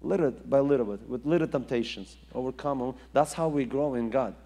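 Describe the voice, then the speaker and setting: A man's voice: medium pitch, fairly quick, mellow. Man preaching in an echoing hall. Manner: emphatic, rising and falling delivery with repetition. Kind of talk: sermon.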